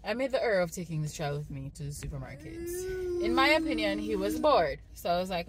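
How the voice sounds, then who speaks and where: A woman with a Jamaican accent and a lowish, sing-song voice talks quickly to her phone's front camera in a casual storytelling vlog as a lifestyle vlogger, sometimes turning to speak to her toddler. She films in a car, outdoors in the cold and at home, with background noise.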